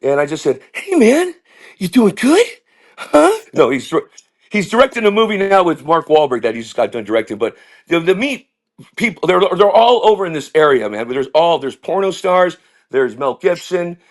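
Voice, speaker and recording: Brief: rambling male comedian on a video call, lively pitch, animated storytelling. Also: a little fast. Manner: rambling, animated, slips into impressions. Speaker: comedian guest. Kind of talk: casual interview storytelling.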